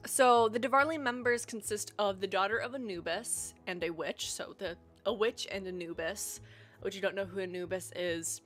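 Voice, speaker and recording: A woman's voice: medium pitch, fairly bright tone. Chatty young woman streamer. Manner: chatty, rambling, frequent ums. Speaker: livestream host. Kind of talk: casual live-stream chat. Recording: faint music behind.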